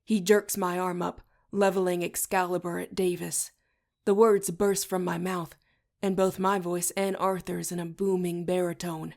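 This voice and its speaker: A woman narrating an audiobook in the first person with a steady, even reading. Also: lowish voice, normal speed, creaky. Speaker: audiobook reader.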